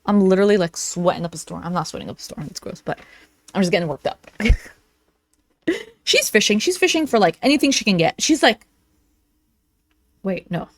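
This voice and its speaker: A woman giving animated, sarcastic reaction commentary while reading text messages aloud. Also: mid-range voice, normal speed, long pauses. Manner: animated, sarcastic, reads texts aloud in mock voices.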